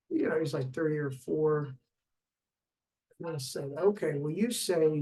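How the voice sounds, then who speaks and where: A man's voice: on the high side, fairly even intonation, unhurried, a little mellow, slightly rough, poor audio. A middle-aged man and father rambling through a personal video diary, meandering with many fillers and restarts. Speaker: father recording a video log.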